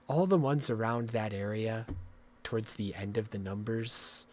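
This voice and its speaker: Male live streamer, rambling and excitable, swears freely, mid-range voice. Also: medium pitch.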